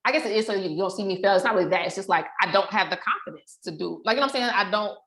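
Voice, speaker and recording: A woman guest on a podcast, chatting casually and telling animated stories about her family. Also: medium pitch, very fast. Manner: animated storyteller who acts out family quotes. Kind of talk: casual chat. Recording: roomy echo.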